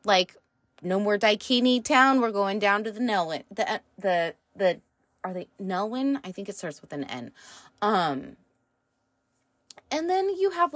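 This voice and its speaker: A woman's voice: mid-range voice, lively intonation, a little slow, fairly bright tone, dry recording. A woman reviewing a TV show in a casual, rambling chat, full of fillers and the odd swear word.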